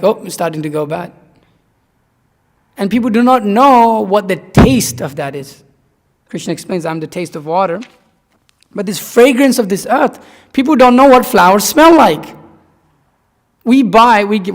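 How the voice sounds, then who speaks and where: A man from Nepal, giving a rambling, conversational scripture class and repeating points for emphasis. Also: high voice. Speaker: spiritual teacher. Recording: long reverb in a hall.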